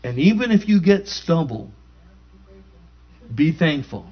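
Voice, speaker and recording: A man preaching in an emphatic call-and-response style, his voice sitting fairly high. The recording is muffled and lo-fi. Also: very animated, takes it slowly. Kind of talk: sermon. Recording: dull lo-fi recording.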